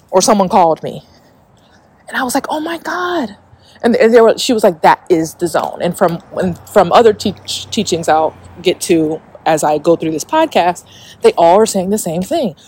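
A woman's voice: mid-range voice, a little mellow. A woman hosting a casual spiritual podcast, talking in a chatty way with lots of fillers and frequent swearing. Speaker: podcast host.

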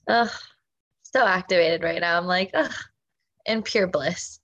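A woman hosting a casual podcast chat as a spiritual business coach, gushing and emphatic, breaking into animated outbursts. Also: lowish voice, measured pace, long pauses. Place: home, with a dog running around.

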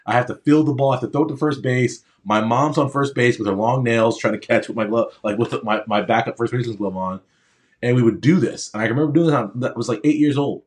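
A man's voice: mid-range voice, quick pace, darkish tone. Man giving an emphatic motivational talk. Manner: emphatic, repeats phrases for emphasis; conversational, checks in with the audience. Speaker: motivational speaker to aspiring medical students. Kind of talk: motivational speech with personal stories.

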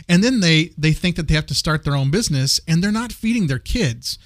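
A man's voice: on the high side, animated, fast, few pauses, no room sound, studio quality. A man co-hosting a casual Christian discussion podcast, earnest, often repeating words as he searches for what to say. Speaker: podcast co-host.

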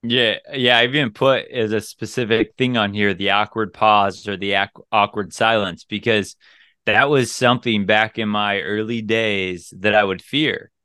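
Bright-voiced man giving dating advice. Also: lowish voice, measured pace, clean tone, dry recording, studio quality. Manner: animated storytelling, acting out his own lines in dialogue. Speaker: dating coach podcast co-host. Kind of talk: casual podcast advice talk.

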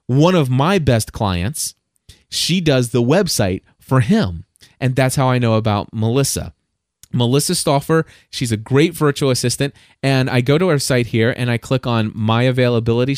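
A male podcast host talks on his own in a loose, rambling way, restarting his sentences and repeating words as he gets excited about a story. His voice sits at a middling pitch. The recording is dry, with little room sound. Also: no echo. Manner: enthusiastic, animated when telling stories. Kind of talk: casual solo podcast monologue.

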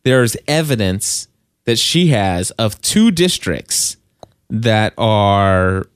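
A man's voice: on the low side, sing-song, drawn-out words, smooth, dry recording, studio quality. A man co-hosting a casual book discussion at home, easygoing, agreeing a lot and adding teasing asides. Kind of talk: casual chat.

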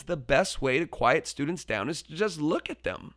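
A man, a teacher, telling a story about his classroom in an animated way, dropping to a hush for effect. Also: fairly high pitch, moderate pace, no echo, studio quality. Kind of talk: storytelling talk.

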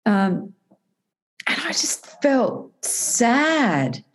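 A woman's voice: mid-range voice, lively intonation, measured pace, darkish tone. A woman guest in a conversational interview, telling a personal story earnestly, with frequent restarts and self-corrections.

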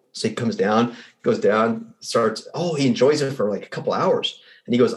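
A man who works as a results coach, a guest on a podcast, telling stories in a lively way and acting out the people in them. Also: mid-range voice, moderate pace. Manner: animated storyteller who acts out the people in his stories. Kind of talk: casual conversation with storytelling.

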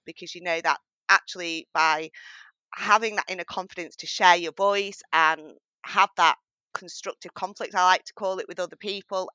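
Woman, northern English accent, middle-aged, podcast guest, earnest, bright tone. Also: fairly low pitch, smooth, no echo, lo-fi sound. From northwest England. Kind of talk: interview conversation.

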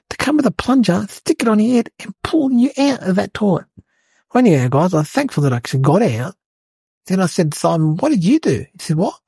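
A man voicing an excitable, rambling young schoolboy, telling a comedic story. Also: high voice, creaky, slightly rough, no room sound, heavily acted. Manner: breathless rambling storyteller, lots of "like" and "guys".

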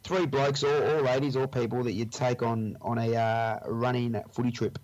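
A man's voice: medium pitch, steady tone, moderate pace, darkish tone, dull audio. A man hosting a casual interview, asking questions and adding brief encouraging remarks. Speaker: podcast host.

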